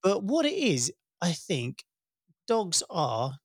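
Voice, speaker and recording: A man's voice: high voice, slow, breathy edge, dry recording, studio quality. Chatty man, podcast co-host. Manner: laughs often, animated storytelling. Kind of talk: casual podcast chat. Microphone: podcast microphone.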